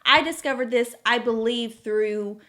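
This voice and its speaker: Bright and bubbly, this young woman talks straight to the camera in a casual review, gushing about her favorites. Her voice sits a little high and stays chatty and upbeat throughout. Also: measured pace. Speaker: beauty vlogger.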